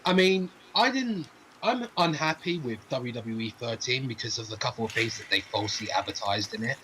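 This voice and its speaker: A man's voice: mid-range voice, lively intonation, moderate pace, a bit bright, slight background noise, rough recording. A man in a casual gaming discussion, earnest, using lots of fillers. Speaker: co-host of a gaming video.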